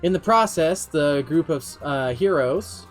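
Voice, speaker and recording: A man's voice: fairly high pitch, expressive, measured pace, soft background music. A man streaming, casually recounting his tabletop campaign as game master in a rambling, self-deprecating way.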